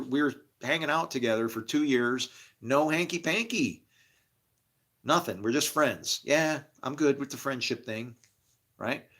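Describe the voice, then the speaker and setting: A man's voice: medium pitch, bright, forceful tone. A middle-aged man talking candidly in a rambling, casual monologue, laughing often. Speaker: podcast host.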